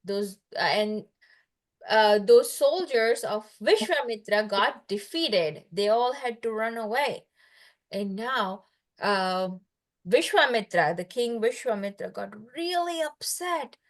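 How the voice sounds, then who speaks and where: A woman's voice: fairly high pitch, animated, slow pace. A woman casually telling a story to a child over a video call, chatty and full of fillers, stopping to quiz her listener.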